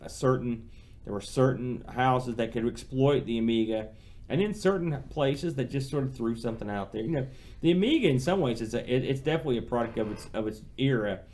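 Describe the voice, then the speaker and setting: A man's voice: mid-range voice, animated, brisk, a little mellow. Rambling male podcast co-host. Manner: rambling, many restarts and fillers. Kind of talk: casual game-review chat.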